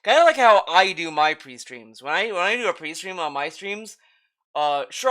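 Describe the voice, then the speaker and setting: A man's voice: a little high, fast talker, sharp tone. A man reacting to a stream clip, mocking and sarcastic, swearing freely as he comments.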